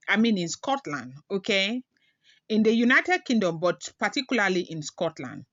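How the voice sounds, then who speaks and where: A woman's voice: medium pitch, a bit bright, no echo. Woman vlogger, chatty gossip host, dry muffled lo-fi mic. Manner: chatty, keeps adding "okay?" and "you know". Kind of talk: casual gossip monologue.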